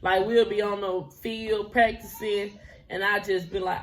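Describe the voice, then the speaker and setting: A woman's voice: mid-range voice, steady tone, unhurried. A woman in her twenties telling a personal story to her viewers in a casual, chatty way. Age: 20s. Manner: chatty, laughs often, drifts into quoted dialogue.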